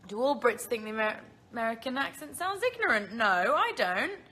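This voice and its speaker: She has a slightly high, sing-song voice with a sharp tone and a brisk delivery. A British woman in her twenties from the Isle of Man, she chats casually on a phone livestream, answering viewers and frequently laughing at herself.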